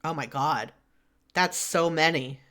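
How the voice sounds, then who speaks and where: Male streamer, a bit high-pitched, chatty asides, self-mocking, casual game commentary. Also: takes it slowly, sharp tone. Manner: chatty, self-deprecating, fillers.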